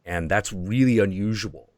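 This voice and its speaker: A man's voice: lowish voice, normal speed, darkish tone, no room sound. A man hosting a stream, chatting casually and rambling through ideas, now and then acting out voices in quotes. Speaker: stream host. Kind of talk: casual chat.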